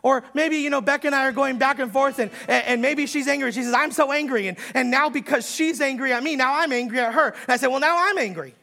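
A male pastor preaching a sermon, dropping to slow, quiet lines and then rising to loud, fast preaching, with many repeated words and restarts. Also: very high voice, steady tone, gravelly.

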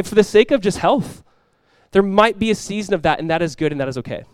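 A man's voice: high-pitched, a little fast, clean tone, no echo. A man preaching a sermon as pastor, talking casually with the congregation and rising into emphatic bursts.

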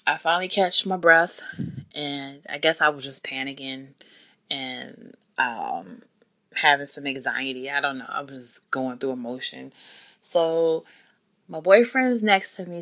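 A woman's voice: deep voice, fairly bright tone. A young woman casually telling her birth story, chatty and rambling, with many fillers and restarts.

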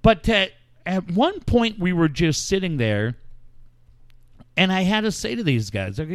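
A male podcast host reminisces in loose, profanity-laced chat. His voice sits a little high and swings widely in pitch as he tells stories. The recording is dry, with no room sound. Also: very animated, measured pace, pauses often, no echo. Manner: profane, rambling storyteller.

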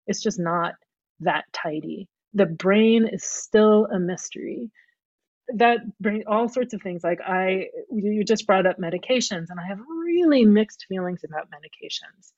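A woman's voice: fairly low pitch, darkish tone, no room sound, highs cut off. A woman speaking as a guest, thinking aloud carefully and often restarting her sentences. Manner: thoughtful, searching, frequent restarts. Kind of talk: reflective conversation.

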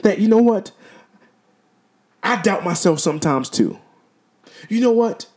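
High-voiced man giving motivational talk. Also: lively intonation, a little slow, darkish tone. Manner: repetitive, stumbling, earnest and exhortative. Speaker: podcast host. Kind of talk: motivational podcast monologue.

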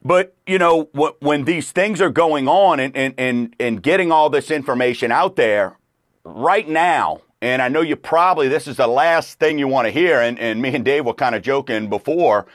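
A middle-aged man talks on a radio show in an easygoing, meandering way, stringing thoughts together with plenty of fillers. His voice sits at an ordinary pitch for a man. The sound is dry and close, with no room around it. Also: normal speed, dry recording. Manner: rambling, laid-back, lots of fillers. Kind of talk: casual chat.

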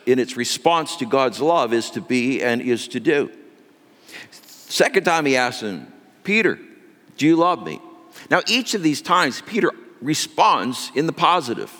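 A man's voice: mid-range voice, a bit bright, long reverb tail. A male pastor delivering an earnest, emphatic sermon.

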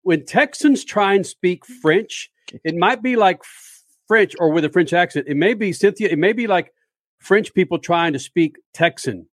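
A man hosting a talk show chats with his guest and jokes as he goes. His voice sits a bit high and sounds close and dry, with no room around it. He keeps things playful. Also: expressive, normal speed, no echo. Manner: jokey, playful. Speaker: radio show host. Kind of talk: casual interview chat.

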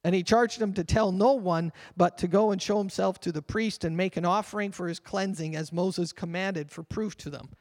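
Preaching in a church sanctuary, this pastor has a notably high, slightly mellow voice that rings with the long reverb of the hall. His sermon is earnest and fervent, and he eases his pace to read scripture aloud.

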